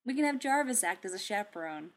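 A woman voicing a patient male soldier who speaks softly, firmly and precisely. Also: mid-range voice, fast talker, close to an everyday voice. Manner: soft, firm and even. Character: calm, patient male soldier, gently firm. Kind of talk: audiobook character reading.

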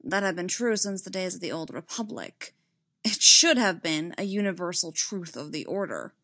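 A woman narrating a work of fiction in an even, measured reading voice. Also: medium pitch.

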